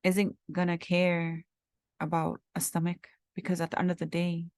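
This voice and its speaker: A woman's voice: fairly low pitch, monotone, normal speed, a little mellow, dry recording. A woman in her thirties hosting a podcast, talking in an earnest, heartfelt, rambling way and repeating herself as she reflects. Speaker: podcast host. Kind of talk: reflective personal talk.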